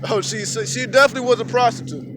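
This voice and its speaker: High-voiced man vlogging outdoors, swearing. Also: fast, a little hiss or hum. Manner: profane, rambling, animated storytelling. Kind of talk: casual outdoor vlog monologue. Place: outdoors at sunrise, street. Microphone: phone camera at arm's length.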